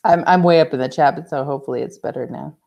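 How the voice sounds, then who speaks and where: Low gravelly woman chatting on a livestream. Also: fast, highs cut off. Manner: chatty, laughs often, reads chat aloud. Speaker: livestream host. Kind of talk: casual live-stream chat. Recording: glitchy livestream audio.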